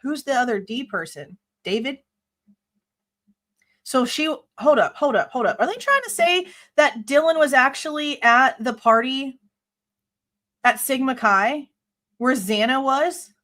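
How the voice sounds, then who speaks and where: A woman with a high, slightly bright voice speaks animatedly but a little slowly, with long pauses. Hosting a live true crime reaction show, she reads police report lines aloud and then argues against them, blunt, exasperated, sharply skeptical and swearing casually.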